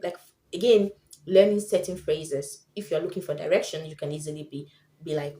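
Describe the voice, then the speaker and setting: A woman's voice: lowish voice, moderate pace, mellow. A woman vlogger giving tips in casual chat to camera, chatty and often acting out the people she quotes. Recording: echoey room.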